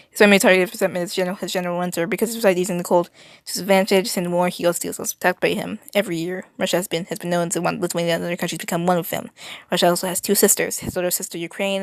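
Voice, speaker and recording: A young adult woman who makes videos reads text aloud in a lowish voice, captured in a dry recording. She often trips over words and corrects herself, tossing in exasperated asides.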